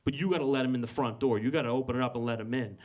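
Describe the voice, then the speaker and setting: A man playing a deadpan male computer store clerk who talks in a slow, flat, matter-of-fact way. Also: mid-range voice, voice pushed down, close to an everyday voice.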